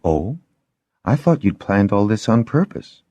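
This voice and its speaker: A young woman healer speaks softly, yet her firmness never slips. A man reads her part, lifting his voice well above his own low register. The sound is dry and close, with no room around it. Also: very animated, unhurried, dry recording, lo-fi sound. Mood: chiding. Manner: soft, gently reproachful.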